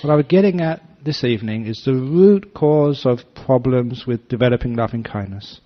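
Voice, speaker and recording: An older man, a Buddhist monk, giving a dharma talk that is full of storytelling, acting out voices with gentle humor. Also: medium pitch, moderate pace. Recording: slightly dull lo-fi recording.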